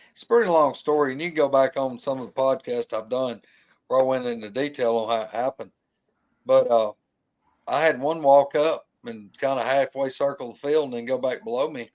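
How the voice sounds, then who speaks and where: A man's voice: mid-range voice, normal speed, highs cut off. Man telling a wild story. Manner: animated, colloquial, imitates sounds. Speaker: guest telling an encounter story. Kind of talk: casual storytelling.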